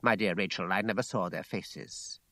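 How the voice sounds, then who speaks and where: A man playing a smooth, evasive gentleman. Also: low-pitched, moderate pace, dry recording, clean studio sound, voice pushed down.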